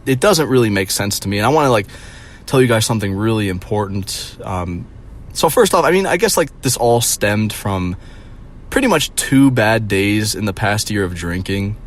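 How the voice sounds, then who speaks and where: A man's voice: lowish voice, expressive, normal speed. Rambling, profane young man vlogging. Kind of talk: casual vlog rant.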